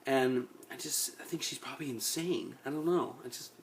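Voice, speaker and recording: In a medium-pitched voice at normal speed, with slight hiss or hum in the background, a man vlogs a casual rant to his webcam. He bluntly rambles about actors he can't stand, circling back to the same points again and again.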